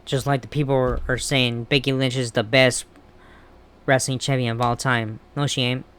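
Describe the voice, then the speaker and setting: A man's voice: mid-range voice, little pitch movement, normal speed, a bit bright, clean tone. A man ranting bluntly and with heavy swearing in a casual wrestling commentary vlog. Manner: blunt, profane, heated ranting.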